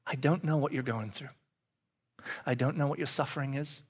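A man in his forties giving a confessional sermon as pastor, dropping to hushed whispers and rising to loud animated outbursts. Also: on the high side, brisk, slightly rough. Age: 40s.

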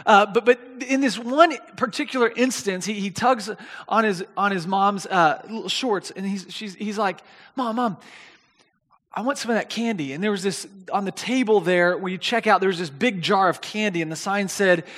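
A high-voiced man preaches in a large, reverberant hall. He tells his story in an animated way, often stumbling over and repeating his words. At the big moments his voice climbs to near shouting. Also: moderate pace. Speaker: pastor. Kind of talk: sermon with storytelling.

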